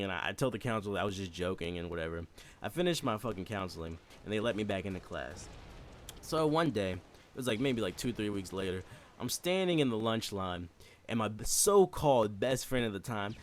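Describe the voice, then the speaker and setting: Animated, profane young man telling a story. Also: fairly low pitch, slight background noise. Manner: profane, animated, laughs often, mimics voices. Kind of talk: comedic storytelling monologue.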